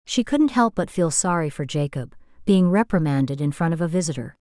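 A woman narrates an audiobook in a steady, measured reading voice. Her pitch sits on the low side, and the sound is dry and close, with no room around it. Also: dry recording. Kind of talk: scripted narration.

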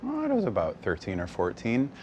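A man from the West Coast, a stage actor, chatting as a guest in an easygoing, animated way, laughing often. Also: medium pitch, brisk, highs cut off, slight background noise. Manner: animated, laughs often, slips into character voices briefly. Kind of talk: casual interview chat. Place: bar set.

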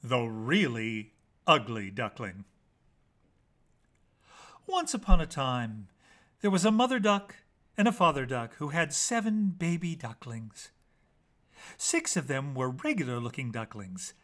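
A man reading children's bedtime stories aloud in an animated, playful way with dramatic pauses. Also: medium pitch. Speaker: storyteller.

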